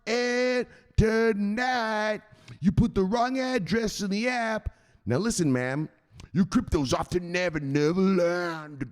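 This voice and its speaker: A man impersonating a male heavy metal singer, drawing out slow sung lines and belting some of them. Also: high voice, clear, resonant tone, pitched above the performer's own voice. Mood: menacing, crooning.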